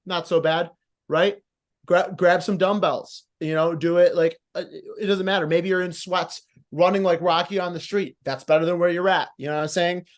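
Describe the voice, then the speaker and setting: Male competition judge, high voice, blunt coaching critique, acts out examples. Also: fairly even intonation, moderate pace. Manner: blunt, coaching, acts out moves and lines, casual swearing. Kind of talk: live critique of wrestling promos.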